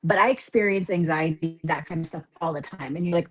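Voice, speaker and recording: Husky low-voiced woman, candid chat. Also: brisk. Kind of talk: casual podcast chat.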